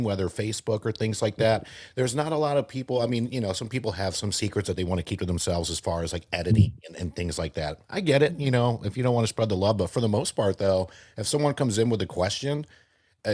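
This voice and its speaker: An easygoing man co-hosts a casual podcast chat and pauses now and then. His voice is very deep. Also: a little mellow, no room sound, studio quality. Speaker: podcast co-host.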